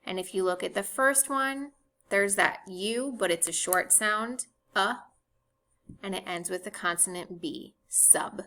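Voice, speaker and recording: A woman teacher giving a recorded phonics lesson, speaking clearly and spelling words out letter by letter. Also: mid-range voice, a little slow, sharp tone.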